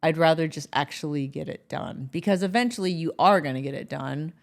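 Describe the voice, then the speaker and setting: Middle-aged woman cohosting a chatty show, kinda low voice, lots of laughing and side comments. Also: creaky. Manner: chatty, quick asides, laughs often. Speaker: podcast co-host. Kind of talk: casual chat.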